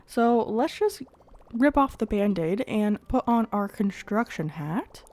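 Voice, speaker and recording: A woman's voice: mid-range voice, expressive, takes it slowly, darkish tone, no echo. A young adult woman hosting a gaming channel, chatty and upbeat, thinking aloud while she builds, with a congested voice from a cold. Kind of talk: casual gameplay commentary.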